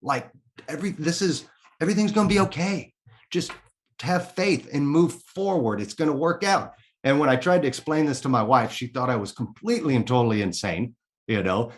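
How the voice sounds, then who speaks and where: A middle-aged guest from around Kansas City recounts his own story in a casual interview, animated and swearing freely as he voices his thoughts aloud. His voice sits on the high side and he talks briskly.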